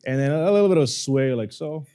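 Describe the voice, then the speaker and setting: A man teaching a live workshop on speaking, animated and playful, joking with the audience. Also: on the high side, a little fast, smooth. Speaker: communication coach. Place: seminar room with audience.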